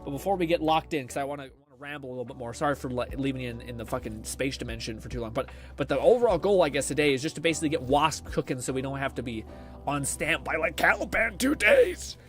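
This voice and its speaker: A man's voice: medium pitch, very animated, fast talker, fairly bright tone, soft background music. A young man hosting a gaming livestream, rambling casually, swearing and laughing often as he chats. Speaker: livestream host. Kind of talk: casual gaming stream chat.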